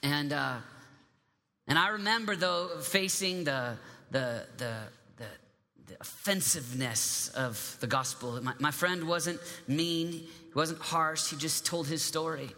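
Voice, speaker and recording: A man's voice: a little high, measured pace, sharp tone. A man in his thirties preaching a sermon, telling stories with many restarts and asides to the audience. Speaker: pastor. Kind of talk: sermon storytelling. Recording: long hall reverb.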